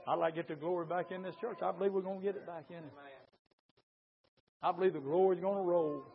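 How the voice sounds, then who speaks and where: A man preaching a sermon, his fervent delivery swinging from low murmurs to loud shouting. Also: fairly even intonation, quick pace, vocal fry, phone-quality sound.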